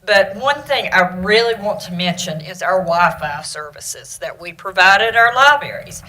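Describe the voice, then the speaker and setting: Bright, eager woman addressing a board. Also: lowish voice, expressive, normal speed, poor audio. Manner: enthusiastic and community-minded. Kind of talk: presentation to county board. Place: meeting room.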